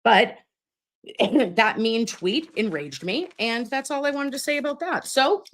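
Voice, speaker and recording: A middle-aged nurse hosting a live stream, chatting with viewers and reading their comments while she gets over pneumonia and keeps clearing her throat. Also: fairly high pitch, lively intonation, measured pace, fairly bright tone. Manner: chatty, calls viewers babes, reads comments aloud. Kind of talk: casual live stream chat.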